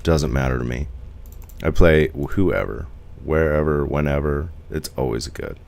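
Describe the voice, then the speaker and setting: Deep-voiced chatty streamer guy. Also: a little slow, creaky, darkish tone. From United States. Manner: rambling, chatty, reads and answers viewer comments. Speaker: live streamer. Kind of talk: casual live-stream chat.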